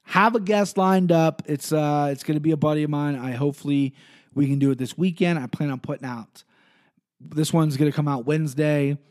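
Young guy rambling thru his solo podcast, swears a lot, voice a bit on the high side. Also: steady tone, a little fast, darkish tone. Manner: rambling, profane, self-correcting. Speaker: podcast host. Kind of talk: solo casual podcast talk.

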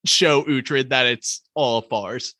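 A man co-hosting a casual podcast, retelling scenes in an animated, wry way. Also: mid-range voice, slow, no room sound, studio quality. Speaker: podcast co-host. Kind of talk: casual chat reviewing a TV series.

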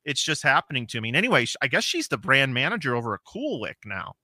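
A man's voice: medium pitch, sing-song, fast talker, sharp tone, dry recording. A man in his forties chatting casually as a podcast co-host, telling rambling self-deprecating stories with many restarts. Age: 40s. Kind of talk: casual chat.

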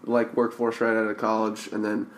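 A man's voice: lowish voice, completely flat delivery, normal speed, slight background noise. A young man hosting a podcast, asking questions in an upbeat, jokey interview style. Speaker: podcast host.

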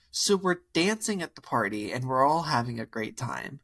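A man's voice: medium pitch, fairly quick, gravelly, husky. A young man in casual podcast chat, telling a wild dating story with lots of fillers and acted-out quotes. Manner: animated, filler-heavy, acts out quotes. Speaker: podcast co-host.

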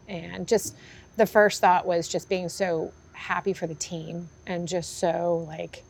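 A woman with a lowish, slightly rough voice and vocal fry speaks slowly with little pitch movement. She's a horse trainer in a conversational interview, candidly telling her story and acting out what people said to her.

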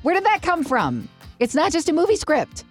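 A woman's voice: sits high, wildly swooping pitch, moderate pace, faint music behind. A woman co-hosting a faith podcast, explaining church history in a chatty, easygoing way. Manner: chatty, explanatory, laughs easily. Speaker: podcast co-host. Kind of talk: casual faith podcast chat.

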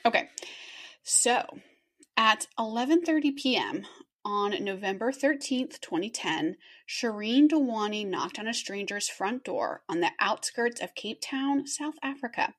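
A woman's voice: on the high side, expressive, unhurried, fairly bright tone. A young woman co-hosting a podcast, chatting casually and reading a true crime case from her script with a giggle here and there. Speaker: podcast co-host presenting the case.

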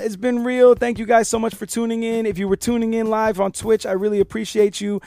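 A man's voice: high voice, level tone, fairly quick, hardly any pauses, warm tone, a faint crowd. A man hosting a podcast in a loose, laid-back, profane way. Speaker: podcast host. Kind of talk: casual chat.

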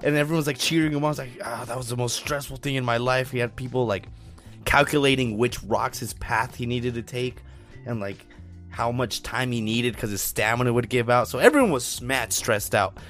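A man's voice: mid-range voice, fairly quick, faint music behind. A young man co-hosting a casual podcast, telling exaggerated stories full of swearing and acted-out quotes. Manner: animated, exaggerating, profane. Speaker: podcast co-host. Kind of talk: casual storytelling.

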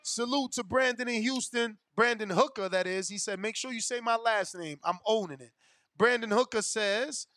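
A man's voice: high voice, moderate pace, pushed and bright, dry recording, clean studio sound. A man hosting a call-in show, talking loosely and directly with plenty of slang.

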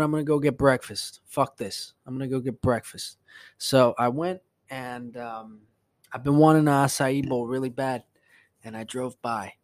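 A man hosting a casual solo podcast, telling a story in profane, animated bursts that climb into a rant. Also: medium pitch, no room sound. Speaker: podcast host.

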